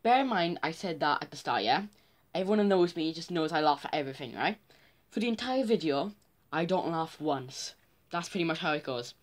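A man's voice: fairly high pitch, lively intonation, a little fast. A teenage boy chats casually as a vlogger, reacting to his own old videos. He pokes fun at himself, half laughing and half groaning, in a loose, chatty way. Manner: self-mocking, chatty.

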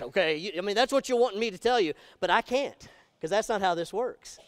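High, clear-voiced preacher man. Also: fairly quick, no echo, studio quality. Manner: animated, emphatic preaching with rhetorical questions to the congregation. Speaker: pastor. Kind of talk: sermon. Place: church sanctuary.

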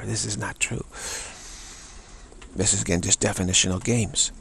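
A man giving an unscripted spiritual talk, halting and repeating words between pauses. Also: lowish voice, fairly bright tone, slight background noise. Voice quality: gravelly, husky. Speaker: spiritual teacher.

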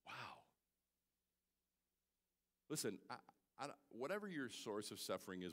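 Animated preacher man in a reverberant hall. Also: on the low side. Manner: swings from shouted exclamations to soft, tearful asides. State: holding back tears. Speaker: pastor. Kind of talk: sermon. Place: church sanctuary.

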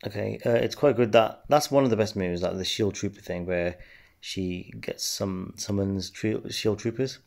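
Low gravelly man. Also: normal speed. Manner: relaxed, rambling, many fillers. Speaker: game channel host. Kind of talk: casual gameplay commentary.

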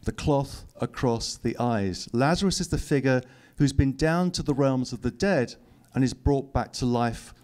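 A man's voice: mid-range voice, unhurried, hardly any pauses, a little mellow. A middle-aged man, reading his own book aloud to an audience and adding dry, teasing asides. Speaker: author giving a public reading. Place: lecture hall.

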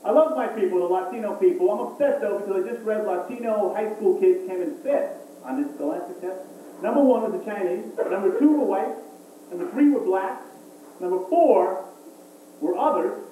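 Stand-up comic, male, hammy emcee delivery, high voice, very echoey room. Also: animated, brisk, warm tone. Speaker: stand-up comedian. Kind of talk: stand-up comedy set. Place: small comedy club. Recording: far-off, echoey club recording with hiss.

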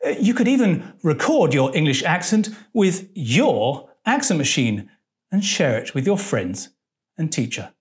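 A woman presents an English lesson at a slow, unhurried pace. Her voice sits slightly low but swings widely in pitch. She talks playfully, full of fillers and puzzled little asides. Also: big pitch swings. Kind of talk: scripted educational presentation.

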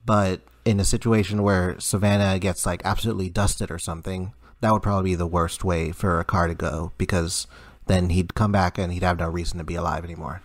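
Very low male voice, halting casual podcast talk, dead-dry recording. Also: level tone, no echo. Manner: hesitant, halting, many fillers. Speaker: podcast co-host. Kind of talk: casual chat.

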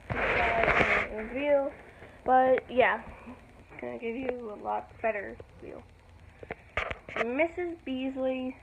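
A woman's voice: fairly high pitch, vocal fry. A young woman rambling casually while showing off her Christmas gifts, often correcting herself, recorded at home on a phone. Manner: rambling, chatty, self-correcting. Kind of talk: casual show-and-tell. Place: home living room. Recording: tinny phone audio with loud noise.

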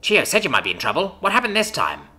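A man voicing an excitable, winged young female student who loves explosions. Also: mid-range voice, fast talker, faint music behind, voice pushed up, exaggerated voice. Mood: excited. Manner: excited, eager.

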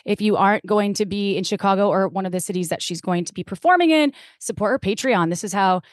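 A woman's voice: medium pitch, quick pace, dry recording, studio quality. A woman from the US Midwest co-hosting a podcast, bubbly and playful in casual chat. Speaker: podcast co-host.

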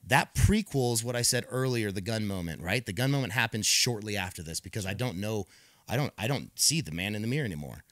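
A man's voice: on the low side, expressive, brisk, fairly bright tone, no room sound, studio quality. A man in his thirties, a podcast guest, telling his personal story candidly, repeating words as he restarts and acting out what others said.

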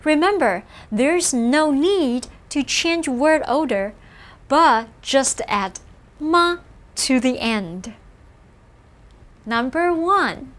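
Slow, high-voiced woman teaching. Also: expressive, a bit bright. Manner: slow, careful, encouraging explanation with model phrases. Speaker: language teacher. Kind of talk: scripted lesson narration.

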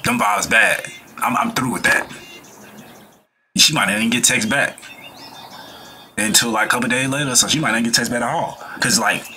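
A man's voice: mid-range voice, lively intonation, moderate pace, gravelly, pauses often, bright, forceful tone, a little hiss or hum. A man hosting a reaction video, talking in a laid-back, slangy way and preaching about life and good vibes. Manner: acts out quoted people in changed voices. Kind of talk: casual reaction commentary.

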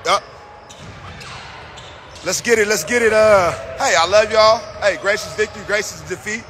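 Very high-voiced man coaching courtside. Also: normal speed, a little hiss or hum. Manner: loud encouraging calls, repeats himself. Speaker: youth basketball coach.

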